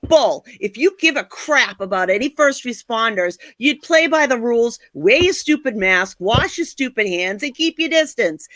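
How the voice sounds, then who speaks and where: A woman's voice: on the high side, lively intonation, moderate pace, few pauses, a bit bright, no echo. An older American woman co-hosting a podcast, talking in a blunt, angry, emphatic way. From United States. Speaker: podcast co-host. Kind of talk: passionate opinion chat.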